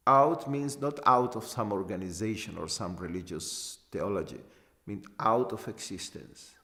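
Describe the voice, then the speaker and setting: A man giving a spiritual talk as a teacher, halting and repeating short phrases for emphasis. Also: fairly low pitch, fairly bright tone. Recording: long hall reverb.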